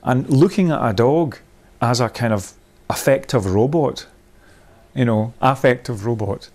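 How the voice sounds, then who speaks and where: A man's voice: mid-range voice, a little slow, darkish tone. Rambling man leading a workshop. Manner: rambling, thinks aloud with many restarts. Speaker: workshop leader. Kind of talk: discursive workshop talk.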